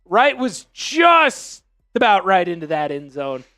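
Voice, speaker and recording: A man co-hosting a live football watch stream, joking with chat and getting loud when his team scores. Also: sits high, slow, no room sound, clean studio sound. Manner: energetic, jokey, shouts on scores. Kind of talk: excited live game commentary and chat. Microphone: headphones with mic.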